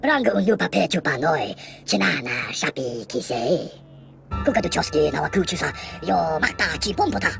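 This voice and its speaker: A woman's voice: low voice, sing-song, moderate pace, creaky, fairly bright tone, exaggerated voice. A woman voicing an alien scavenger who chatters in a made-up tongue, in a game cutscene. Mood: chattering. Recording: game cutscene with music behind.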